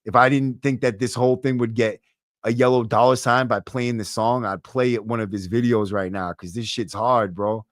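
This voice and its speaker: A man's voice: mid-range voice, steady tone, moderate pace, dry recording. Man, Boston accent, brash streetwise livestream chat, dry close mic, mid-range voice. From Massachusetts. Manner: brash, swearing, streetwise slang. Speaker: livestream podcast host. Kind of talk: casual livestream chat reading comments. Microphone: close podcast mic.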